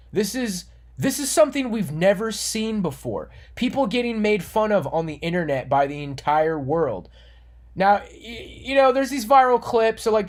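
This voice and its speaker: Man, online commentator, earnest moralizing monologue, restarts words mid-thought. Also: high voice. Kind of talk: monologue rant.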